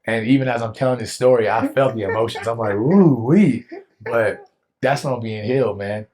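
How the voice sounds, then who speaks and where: A young man telling a personal faith testimony in an earnest, animated way, with casual slang. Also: medium pitch, a little fast. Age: young adult. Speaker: guest telling his testimony.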